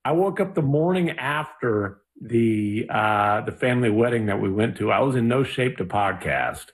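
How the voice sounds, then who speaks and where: A man's voice: mid-range voice, expressive, moderate pace. A man co-hosting a podcast, easygoing and laughing as he explains a mix-up. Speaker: podcast co-host. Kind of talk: casual podcast chat.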